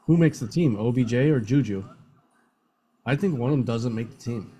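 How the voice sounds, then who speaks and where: A man's voice: medium pitch, moderate pace, dark tone, slightly rough. A man co-hosting a casual sports stream, laid-back and dry, mostly giving short replies. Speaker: co-host. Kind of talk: casual livestream chat.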